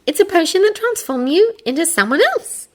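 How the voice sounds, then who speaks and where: Woman reader's schoolgirl witch: bright, insistent, lecturing, lively. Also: very high-pitched, moderate pace, pitched above the performer's own voice. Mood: eager. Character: earnest, bossy schoolgirl witch. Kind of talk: fan audiobook character voice.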